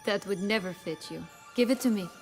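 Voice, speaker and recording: A woman's voice: mid-range voice, a little fast, lightly acted. An actress playing a sly, scheming young noblewoman in a video game, teasing and commanding. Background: game music.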